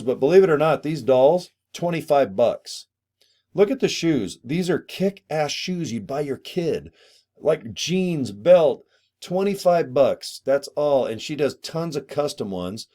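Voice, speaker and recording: A middle-aged man talking casually to camera in an excited, rambling way. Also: medium pitch. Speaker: vlogger.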